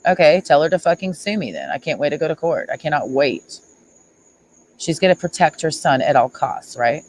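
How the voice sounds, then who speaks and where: A woman's voice: sits low, poor audio. A woman streamer ranting at someone in a sarcastic, mocking and confrontational way. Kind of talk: livestream rant.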